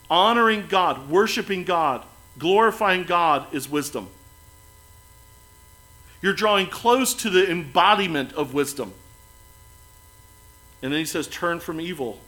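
A man preaching a sermon as pastor, earnest, building to emphatic lines and then dropping soft and quiet. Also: a little high, expressive, measured pace, pauses often, low-quality recording.

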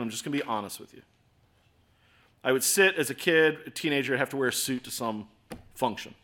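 A man in his forties preaching a sermon in a conversational, self-deprecating way, with swings between loud and soft. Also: a little high. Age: 40s. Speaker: pastor.

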